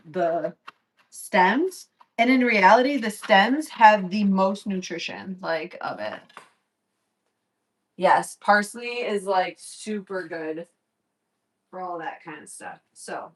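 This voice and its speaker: A young woman talks through a cooking vlog in her kitchen, her pitch sitting in an ordinary middle range. She is chatty and swears freely, rambling into animated stories between kitchen tasks. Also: poor audio. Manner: chatty, profane, animated storytelling. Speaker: vlogger. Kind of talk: casual cooking vlog chat. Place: home kitchen.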